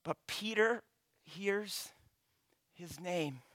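Pastor, male, 30s: unhurried high voice, dry close sound, sermon with dramatic loud and hushed swings. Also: dry recording. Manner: swings from loud emphatic preaching to hushed near-whispers.

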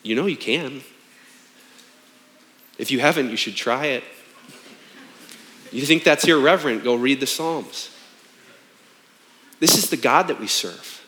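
A man's voice: medium pitch, expressive, measured pace, long pauses, bright, forceful tone. A man in his thirties, a pastor preaching a sermon in an emphatic, conversational way with rhetorical questions.

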